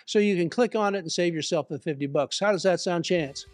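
A man's voice: high voice, brisk, darkish tone, no echo, faint music behind. A man hosting a live talk show, under the weather and coughing, joking and rambling with fillers. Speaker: host.

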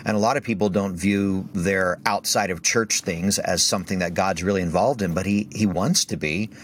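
A man sharing a faith story as a podcast guest, animated and acting out the voices of the people in it. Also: low-pitched, moderate pace, a little hiss or hum. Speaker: guest speaker.

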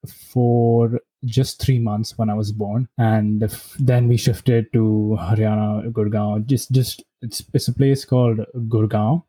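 Young Indian man, very mellow dark voice, earnest and explanatory. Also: fairly low pitch, level tone, slow pace, hardly any pauses. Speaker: podcast guest. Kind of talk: casual interview answers.

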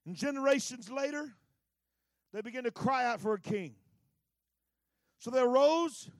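High-pitched, fervent preacher. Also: male voice, no echo, clean studio sound. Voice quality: colloquial, folksy. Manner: fervent, emphatic, swings between shouting and hushed asides. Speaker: pastor. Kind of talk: sermon.

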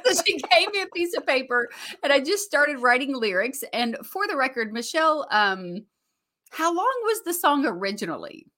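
A high, bright Southern woman talking casually on a video call. Her pitch leaps and swoops, and she laughs and teases her co-host often. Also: moderate pace. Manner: animated, laughs often, teasing. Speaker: podcast co-host. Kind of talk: casual chat.

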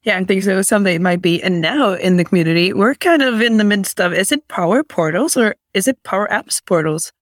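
A woman speaks as a podcast guest, chatty and eager as she explains things. Her voice sits at a middle pitch. The sound is dry and close. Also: fairly quick, few pauses, no echo. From Norway. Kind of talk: interview chat.

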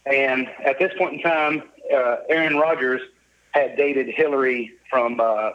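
Here a middle-aged man shares his life story as a guest in a relaxed interview, speaking in a mid-range voice with fairly even intonation and a measured pace. Upbeat and jovial, he acts out what others said. The highs are cut off and there's a little hiss or hum.

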